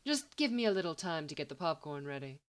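A woman's voice: low-pitched, big pitch swings, quick pace. A woman voicing a sardonic young woman who teases and questions suspiciously. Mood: teasing. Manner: dry, teasing, suspicious.

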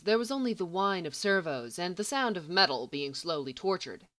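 A woman narrating a story in a steady, even reading voice. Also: lowish voice. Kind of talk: audiobook fiction reading.

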